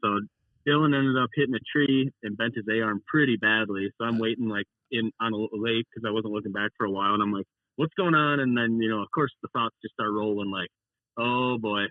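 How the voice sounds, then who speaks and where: A man's voice: fairly low pitch, fairly even intonation, quick pace, no echo. A young man telling a rambling race story in a casual call, acting out what he and his teammate said. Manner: rambling storyteller, acts out his own quotes. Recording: dry tinny phone line.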